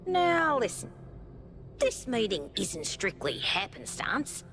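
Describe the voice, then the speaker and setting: A woman's voice: medium pitch, wildly swooping pitch, slow pace, gravelly, fairly bright tone, slight background noise, heavily acted. A woman voicing a sly, conspiratorial robot recruiter in a video game, in a confiding, wheedling manner.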